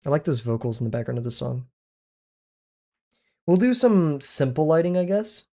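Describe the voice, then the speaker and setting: A man talks loosely to his stream chat as he paints, rambling and quick to poke fun at himself. His voice carries a gravelly fry. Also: fairly high pitch, sing-song, mellow. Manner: chatty, rambling, self-deprecating. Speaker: livestreaming artist. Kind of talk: casual livestream chat while drawing.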